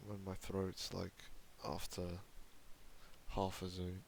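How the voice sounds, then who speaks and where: A man's voice: low voice, completely flat delivery, takes it slowly, gravelly, darkish tone. A young man in a casual podcast chat, joking dryly in short replies. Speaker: podcast co-host.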